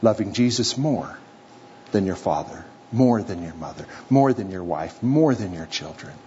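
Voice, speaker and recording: A man's voice: fairly low pitch, lively intonation, normal speed, warm tone. A man preaching a sermon to a live congregation, telling a story with playful acted-out voices. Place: church or hall with a live audience. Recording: slightly dull recording with faint room noise.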